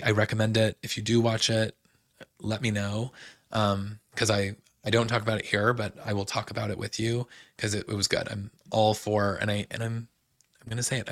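A man hosts a casual recap show, rambling through his thoughts with plenty of "like"s and false starts. His voice sits a little low with a gravelly edge. The sound is dry and close, with no room in it. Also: fairly bright tone, dry recording. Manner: chatty, many "like"s and restarts. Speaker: podcast host.

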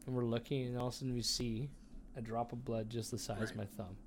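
A man's voice: mid-range voice, fairly even intonation, quick pace, background noise. A man co-hosting a podcast, telling a long story in casual chat, rambling with lots of fillers and swearing. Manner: rambling, filler-heavy, profane. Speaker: podcast co-host.

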